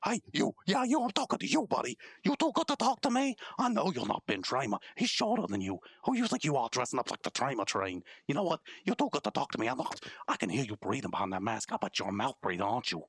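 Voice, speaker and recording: Male co-host, gravelly husky voice, brash and mouthy, very wide pitch swings. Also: big pitch swings, fast talker, few pauses, no room sound, studio quality. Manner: brash, mouthy teen bravado. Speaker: podcast co-host. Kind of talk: comedic improv skit.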